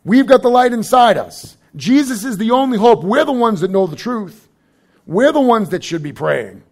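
Man, young adult, pastor, sermon, high-pitched, gravelly, conversational asides. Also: sing-song, normal speed, a little mellow. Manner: conversational preaching with jokes and asides.

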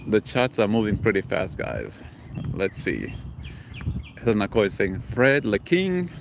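A man's voice: lowish voice, huge pitch swings, unhurried, gravelly, background noise. A man live-streaming from an outdoor park, chatting casually and reading viewer comments aloud as he walks. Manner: reads viewer comments aloud and greets them. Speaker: livestream vlogger.

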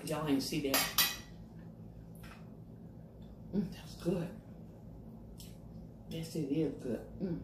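Lady in her 50s, mukbang chat, low-ish voice, echoey room. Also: drawn-out words, long pauses. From Virginia, USA. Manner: chatty, talks with her mouth full, hums over her food. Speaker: mukbang vlogger. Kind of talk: casual chat while eating. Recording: echoey room with faint noise.

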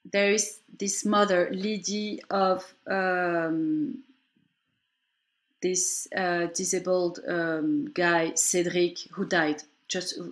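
Woman telling animated stories. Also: lowish voice. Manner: animated, acts out quoted voices. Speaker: documentary writer, interview guest. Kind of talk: podcast interview, storytelling.

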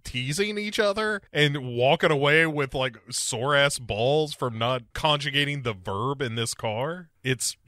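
A man's voice: mid-range voice, measured pace, hardly any pauses, pushed and bright, dry recording, clean studio sound. A man co-hosting a podcast, retelling a movie in a joking, sarcastic way. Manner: joking, wry, sarcastic storytelling. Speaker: podcast co-host. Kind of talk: casual movie-recap chat.

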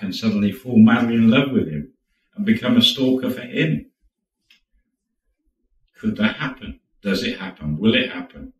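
A man's voice: sits low, roomy sound, recorded from a distance, low-quality recording. A man casually telling a true story, chatty and acting out quotes as he goes. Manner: chatty, acts out quotes, laughs now and then.

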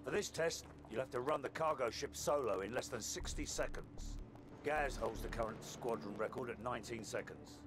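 An actor playing a gruff veteran army captain who runs a training drill with clipped, commanding orders. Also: male voice, medium pitch, normal speed, noisy background, lightly acted. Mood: stern. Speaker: military training instructor. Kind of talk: video game voice acting. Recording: game audio over loud gunfire.

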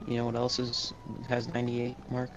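A man's voice: medium pitch, monotone, fairly quick. A young man chatting casually while gaming, wisecracking and laughing at his own jokes. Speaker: gamer. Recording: voice chat over loud game noise.

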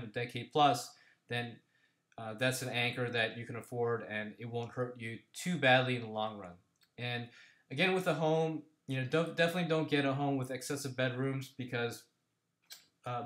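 A man talking through money advice at a middle pitch, plain and unhurried. He loops back and restarts his sentences. His voice carries a noticeable roomy echo. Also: fairly bright tone. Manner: plain, repetitive, with fillers and restarts. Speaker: personal finance coach. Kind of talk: casual advice monologue.

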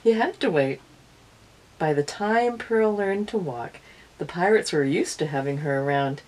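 A woman reading a picture book aloud to young children, in an expressive storytelling way. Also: lowish voice, a little slow, slight background noise, rough recording. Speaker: early-years storyteller.

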